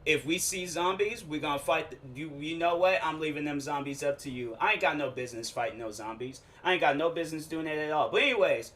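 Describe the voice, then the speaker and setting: A man hosts his own show in a loose comic monologue, his voice bright and forward, sitting a little above the usual male pitch. He rambles, restarts his sentences, and drops casual slang as he spins out a story. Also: fast, few pauses. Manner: slangy, informal talk. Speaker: show host.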